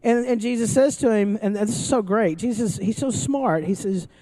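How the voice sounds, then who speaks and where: A pastor giving a sermon to a room full of people, talking casually rather than reading. The voice sits at a middle pitch, stumbles and restarts often, and keeps turning to the audience with questions. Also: normal speed, dark tone. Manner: conversational and joking, with frequent restarts. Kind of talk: sermon to a live congregation. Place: church service before an audience, also streamed online.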